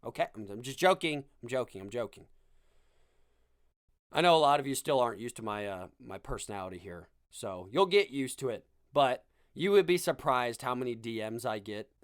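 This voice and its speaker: A young man hosts his podcast in a comedic monologue, sarcastic and full of self-mocking asides. His voice sits in a middle pitch. The sound is dry and close, with no room echo. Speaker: podcast host.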